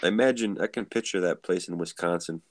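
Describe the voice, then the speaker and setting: A man's voice: low voice, quick pace, no echo. A laid-back man chatting casually over beers on a live video show, leaning on "like" a lot. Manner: laid-back, heavy use of "like". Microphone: video call.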